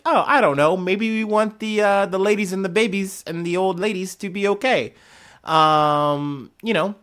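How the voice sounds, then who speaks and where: A man's voice: on the high side, fairly bright tone. A man hosting a news podcast, ranting casually and sarcastically with lots of swearing and mocking put-on voices. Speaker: podcast host.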